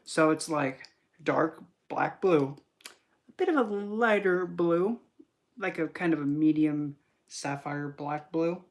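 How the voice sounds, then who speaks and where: A young man, a spiritual reader, chatting casually on a livestream and telling rambling, animated stories with many fillers. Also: a little high, takes it slowly.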